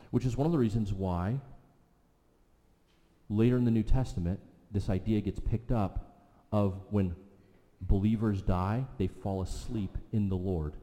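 A man preaching a sermon, retelling a scripture story with vivid asides, slowing down and dropping to a soft voice for emphasis. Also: fairly low pitch. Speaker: pastor. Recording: long reverb of a large hall.

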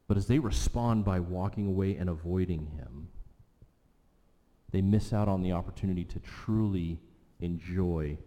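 A man's voice: sits low, moderate pace, warm tone. A man preaching a sermon, emphatic, repeating key lines for weight. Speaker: pastor. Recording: long reverb of a large hall.

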